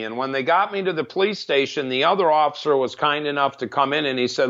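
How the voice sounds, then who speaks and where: Middle aged guy telling his story straight, kinda gravelly, restarts a lot, muffled podcast sound. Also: a little high, fast, few pauses, fairly bright tone. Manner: candid, matter-of-fact storytelling with frequent restarts. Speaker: podcast guest. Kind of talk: personal recovery story. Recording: dull lo-fi podcast audio.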